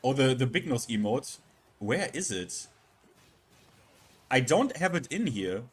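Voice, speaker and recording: A man streaming live and chatting casually, halting and repeating words with many fillers. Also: medium pitch, big pitch swings, husky.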